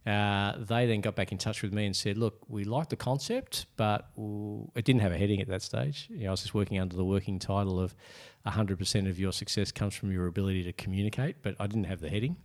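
Aussie bloke, lowish voice, chatty author story, does the voices of people he quotes. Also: fast talker, hardly any pauses. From Australia. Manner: animated, acts out quoted voices. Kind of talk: casual interview storytelling.

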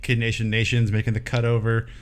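A man's voice: medium pitch, monotone, fast talker, clean tone. A man co-hosting a podcast in casual chat, cracking jokes and laughing freely. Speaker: podcast co-host.

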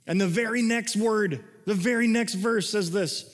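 A man preaching a sermon in a conversational way, reading scripture and explaining it, moving between excited and hushed delivery. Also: high-pitched, normal speed. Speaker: pastor. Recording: long hall reverb.

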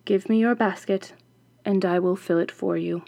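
A gentle, earnest young man, as a woman voices him in a storybook, speaking lower and a touch louder than the narration. He sounds kind and a little sad. The sound is dry and close. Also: fairly even intonation, moderate pace, vocal fry, dry recording. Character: kind young male witch's son. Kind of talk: storybook reading.

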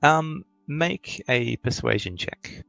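A man's voice: a little high, expressive, slow pace, vocal fry, sharp tone, dry recording, faint music behind, low-quality recording. A man narrating as game master of a tabletop role-playing game, hesitant and full of fillers.

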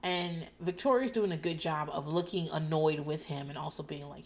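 A woman's voice: deep voice, moderate pace. A woman recapping reality TV in casual chat, sardonic and profane, laughing often. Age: adult parent. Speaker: podcast host.

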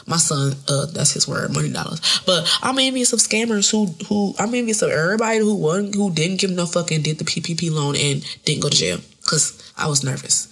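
A woman's voice: fairly low pitch, brisk, few pauses, fairly bright tone, slightly rough. A woman in her thirties hosting her own podcast. She talks solo in a rambling, joking, profane way. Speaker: podcast host. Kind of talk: casual solo podcast monologue.

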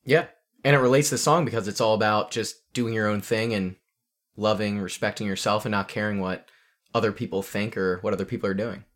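A man's voice: lowish voice, fairly even intonation, fairly quick, a bit bright. A man co-hosting a music podcast, talking in a laid-back way and laughing easily. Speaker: podcast co-host. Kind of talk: casual music podcast chat.

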